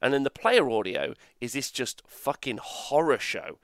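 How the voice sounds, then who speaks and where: A podcast host talking in a loose, rambling way. He swears freely and keeps checking in with "right?". His mid-pitched voice is recorded close and dry, with no room sound. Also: sing-song, unhurried, fairly bright tone, dry recording. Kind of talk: casual chat.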